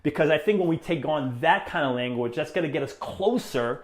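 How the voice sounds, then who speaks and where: A man's voice: a little high, animated, fairly quick, hardly any pauses, echoey room, faint music behind. A man in his thirties hosting a solo motivational podcast, talking in an earnest, encouraging way with lots of "you know" fillers. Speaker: podcast host.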